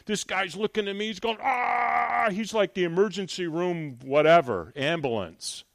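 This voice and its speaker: An older man giving a fervent sermon as a guest speaker, moving from loud exhortation to quiet personal storytelling. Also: a little high, no echo, clean studio sound.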